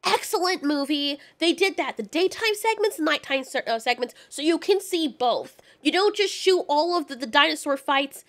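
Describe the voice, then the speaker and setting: A woman giving a casual, animated spoken film review, ranting, swearing and a bit stuffy from a cold. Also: high-pitched, normal speed, hardly any pauses. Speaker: movie reviewer.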